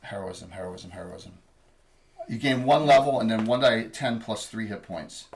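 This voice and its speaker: A man acting as dungeon master, running a tabletop game in a relaxed, chatty way with lots of fillers. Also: medium pitch, moderate pace, a little hiss or hum.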